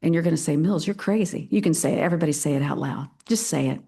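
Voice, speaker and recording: A woman's voice: low-pitched, racing, vocal fry, mellow, slightly rough. An older woman preaches to her congregation with theatrical flair. Her delivery is playful and emphatic, and she drives her points home with dramatic weight. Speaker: pastor. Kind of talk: sermon.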